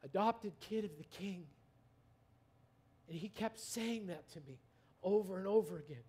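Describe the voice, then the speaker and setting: High-voiced preacher, loud then hushed. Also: male voice, unhurried, husky. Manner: storytelling, swings from loud emphasis to hushed near-whisper. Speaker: pastor. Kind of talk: sermon.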